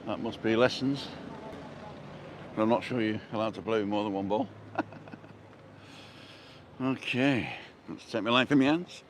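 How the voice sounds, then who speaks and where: A man's voice: lowish voice, measured pace, long pauses, a little hiss or hum. An Englishman giving a casual, jokey walking tour outdoors, chatting about the shops he passes. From England. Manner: chatty, jokey, chuckles at his own quips. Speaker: vlogger. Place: outdoors on a street.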